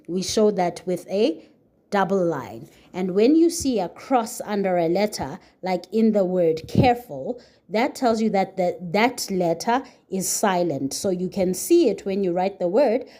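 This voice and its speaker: Woman slowly dictating spelling words. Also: mid-range voice, expressive, dark tone. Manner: clear, patient, slow letter-by-letter dictation. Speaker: teacher. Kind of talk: spelling lesson, slow dictation.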